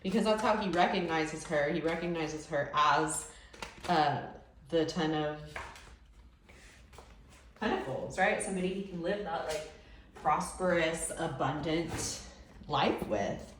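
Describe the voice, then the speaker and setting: A lower-pitched woman talks through a tarot spread in a loose, chatty way, exclaiming as cards turn up. She sits back from the mic, so her voice sounds roomy and distant, with a faint hiss behind it. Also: a little slow, long pauses. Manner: chatty and exclamatory, with many fillers. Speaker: tarot reader. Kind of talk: casual tarot reading. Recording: echoey room, distant mic, faint noise.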